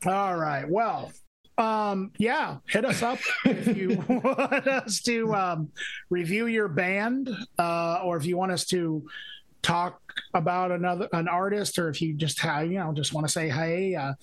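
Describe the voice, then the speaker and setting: High-voiced rambling podcast guy. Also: a little slow, a bit bright. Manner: rambling, filler-heavy, searching for words. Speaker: podcast co-host. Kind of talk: casual chat reviewing music.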